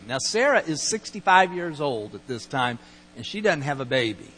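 A man's voice: fairly high pitch, big pitch swings, normal speed, fairly bright tone, husky. A middle-aged man pastor giving a conversational, storytelling sermon and acting out quoted lines. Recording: long hall reverb, mains hum.

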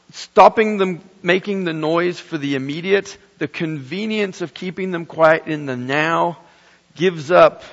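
A middle-aged man preaching a sermon, telling a story with animated humor and wry asides. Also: on the high side. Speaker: pastor. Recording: echoey hall, slightly dull sound.

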